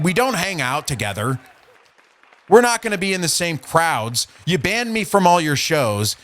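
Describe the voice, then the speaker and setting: A man's voice: on the high side, a bit bright. A man hosting a podcast, ranting profanely and mockingly while reading out an argument from his messages. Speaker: podcast host. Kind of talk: casual podcast rant.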